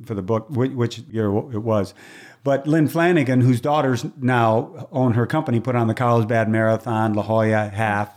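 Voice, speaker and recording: A man in his sixties, a longtime race announcer, telling stories in a relaxed interview, acting out other people's voices and laughing often. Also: medium pitch. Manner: animated storyteller, acts out voices, laughs often. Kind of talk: casual storytelling interview. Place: moved from Hawaii, on the mic in Southern California for decades.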